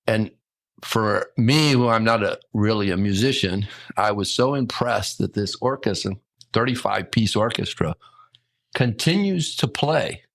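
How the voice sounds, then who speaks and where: Older guy spinning a story, lowish voice, dry close sound. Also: a little slow, creaky, no echo. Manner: lively anecdotal storyteller, acts out quotes. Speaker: hotel general manager, guest. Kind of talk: casual storytelling.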